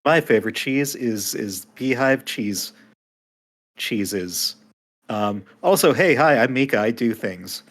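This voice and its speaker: A man's voice: medium pitch, animated, a little slow, hardly any pauses. A man introducing himself as a tabletop game player, casual and hesitant with many restarts. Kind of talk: casual chat.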